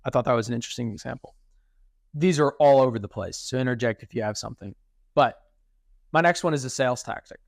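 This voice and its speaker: A young man co-hosting a podcast in casual chat, animated and acting out quoted speech. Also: medium pitch, fast, creaky, no room sound, clean studio sound. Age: young adult. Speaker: podcast co-host.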